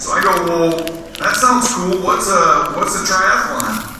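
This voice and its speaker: Male guest storyteller, self-deprecating, slightly high voice, heard from afar in a very echoey hall. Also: unhurried, recorded from a distance, heavy background noise. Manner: self-deprecating, animated when quoting others. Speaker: guest speaker. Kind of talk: storytelling at a church event.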